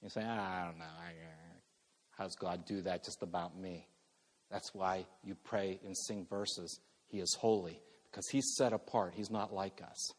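A middle-aged male pastor preaching a sermon earnestly, moving between loud emphasis and soft, hushed passages. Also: deep voice, fairly even intonation, unhurried, husky, long reverb tail.

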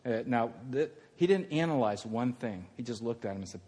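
A male pastor preaching a sermon, swinging from loud fervent passages to hushed, intimate ones. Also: medium pitch, animated, normal speed, in a large hall.

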